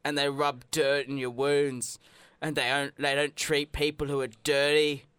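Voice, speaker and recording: A man's voice: fairly high pitch, level tone, a little slow, fairly bright tone, smooth, no room sound, studio quality. A man voicing a pompous, condescending doorman at a fancy hospital, in a put-on British accent. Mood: snooty. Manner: snooty, condescending.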